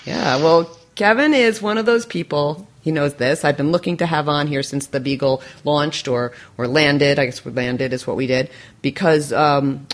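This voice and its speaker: A woman hosting a podcast interview, speaking with enthusiasm and playful humor and laughing often. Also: a bass voice. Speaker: podcast host.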